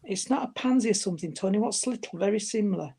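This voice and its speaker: A woman's voice: medium pitch, fast talker, dark tone, breathy edge. A woman giving a live mediumship reading, hesitant and affectionate, calling her listeners darling. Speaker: spiritual medium.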